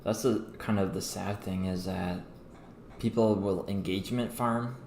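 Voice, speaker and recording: A man's voice: low voice, fairly even intonation, a little slow, a little mellow. A young man hosting a crypto trading livestream, chatting casually and rambling with many fillers and restarts. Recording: echoey room with faint background noise.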